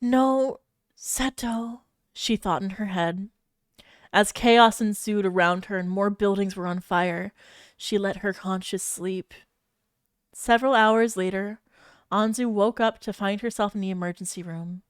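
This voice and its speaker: A woman's voice: medium pitch, fairly even intonation, unhurried, smooth, no echo, clean studio sound. A woman streamer reading fanfiction aloud and breaking off to react with giggles and exclamations.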